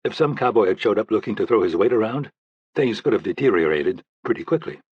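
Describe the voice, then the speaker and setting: A man narrating a thriller audiobook in a steady, even storytelling manner. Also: fairly low pitch, quick pace, slightly rough, no room sound, dull audio.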